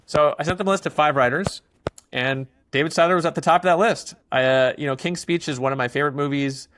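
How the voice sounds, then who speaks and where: Here the filmmaker guest speaks quickly in a voice on the high side. Not from England, he chats about his film in an animated, storytelling way, using plenty of fillers.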